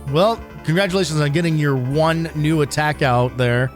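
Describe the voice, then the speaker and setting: A man giving casual, animated commentary while streaming a game, swearing freely and laughing easily. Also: on the high side, moderate pace. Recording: game music behind the voice. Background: game music.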